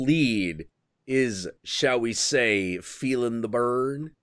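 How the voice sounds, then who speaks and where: A male stream host in casual chat, telling crude stories with an animated, playful delivery. He speaks slowly, and his pitch rises and falls a great deal. The sound is dry and close, with no room echo. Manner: animated, crude storytelling with bursts of acted quotes.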